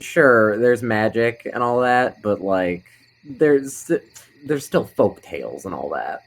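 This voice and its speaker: A plain, doubting everyman who stumbles over his words, as a man plays him in a tabletop game. The voice sits fairly low, and the lines come out in halting repeats. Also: lively intonation, exaggerated voice. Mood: skeptical. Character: plain skeptical ordinary man, stammering. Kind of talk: in-character tabletop role-play.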